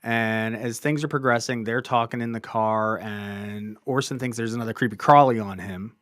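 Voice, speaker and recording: A man co-hosting a comic book review podcast, talking in an animated, enthusiastic, casual way. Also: medium pitch, normal speed, dry recording, clean studio sound.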